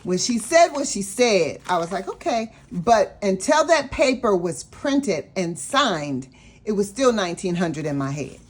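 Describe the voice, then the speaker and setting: A woman vlogging about her budget, telling a personal story in a chatty, animated way and talking straight to her viewers. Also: medium pitch, a little slow, a little hiss or hum. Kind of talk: casual storytelling vlog.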